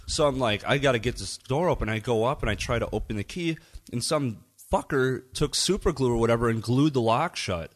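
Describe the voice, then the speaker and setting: A man's voice: mid-range voice, a little fast. A middle-aged man telling a long story in casual podcast chat, swearing freely and acting out what everyone said. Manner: profane, animated, acts out quoted dialogue. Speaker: podcast guest, DJ.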